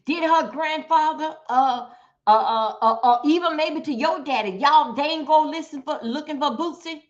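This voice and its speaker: A woman's voice: high voice, moderate pace. A woman hosting a livestream, giving blunt, profane commentary straight to her viewers. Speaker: livestream host. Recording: dull lo-fi stream audio.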